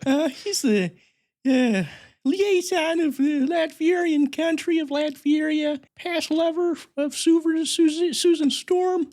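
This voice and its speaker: A man's voice: extremely high pitch, slow pace, a little mellow, voice pushed up, heavily acted. A man voicing a pompous, nerdy male superfan podcaster who brags, rambles and giggles. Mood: giggly. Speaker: fake guest.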